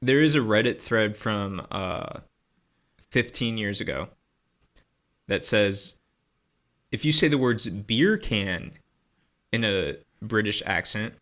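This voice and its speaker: Dude co-hosting a podcast, kinda low voice, bright, deadpan and a bit hesitant. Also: male voice, slow pace, long pauses. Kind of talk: casual chat.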